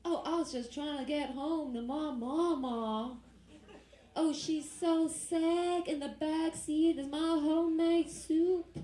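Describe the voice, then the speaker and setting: A comedian voicing a young woman who puts on a sweet Southern accent to plead her way out of trouble, in a drawn-out way. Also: high-pitched, dark tone, pitched above the performer's own voice. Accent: put-on Southern US. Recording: roomy club sound.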